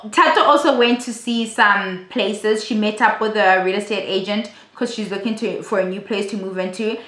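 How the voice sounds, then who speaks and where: A woman's voice: medium pitch, moderate pace, a bit bright. A woman giving a chatty, blunt and profane casual recap of a reality show. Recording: roomy echo.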